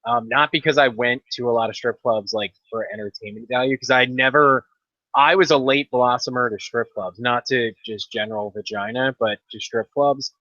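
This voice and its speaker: A man's voice: medium pitch, fairly even intonation, moderate pace, bright, forceful tone, dry recording. A man on a casual podcast, telling a long story in a laid-back way with dry asides. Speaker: podcast co-host. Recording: dull lo-fi dry podcast audio.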